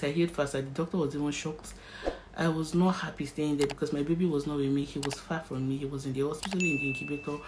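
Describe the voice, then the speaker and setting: In a rough recording with slight background noise, a young Nigerian vlogger whose voice sits low narrates an emotional story-time. She tells it vividly and acts out each scene with animation.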